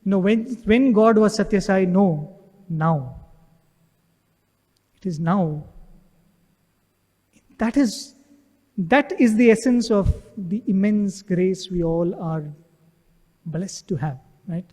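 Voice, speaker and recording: Devotional speaker, male, high voice, earnest storyteller, recorded in a reverberant hall. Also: slow, pauses often, warm tone. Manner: earnest storytelling, frequent rhetorical "right?". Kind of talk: devotional talk. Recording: echoey hall with long reverb.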